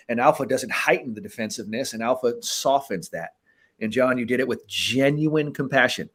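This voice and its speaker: Profane, emphatic male podcast host. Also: medium pitch. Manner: emphatic, profane, animated delivery. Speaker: podcast host and performance coach. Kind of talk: casual podcast conversation.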